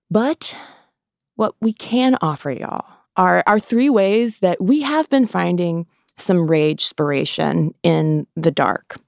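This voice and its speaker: A woman delivers a podcast pep talk in a low, unhurried voice, with long pauses between phrases. She is impassioned and sarcastic, and she swears freely. The sound is dry and close. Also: gravelly, darkish tone, no room sound. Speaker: podcast host.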